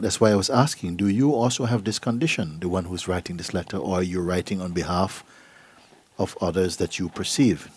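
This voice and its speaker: A middle-aged man, a spiritual teacher, giving a gentle, unhurried talk and acting out voices in his stories. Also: sits low, breathy edge. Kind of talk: satsang talk, storytelling. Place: gathering hall.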